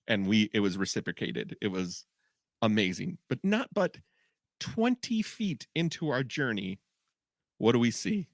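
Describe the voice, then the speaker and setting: A man's voice: on the low side, big pitch swings, unhurried, vocal fry, no echo, studio quality. A man co-hosting a podcast, talking earnestly and reflectively. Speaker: podcast co-host. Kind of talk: casual chat.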